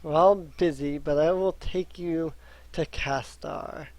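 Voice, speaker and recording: A man voicing a weary, busy male temple cleric who speaks in a sighing, measured way. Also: on the high side, darkish tone, no room sound, rough recording. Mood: tired.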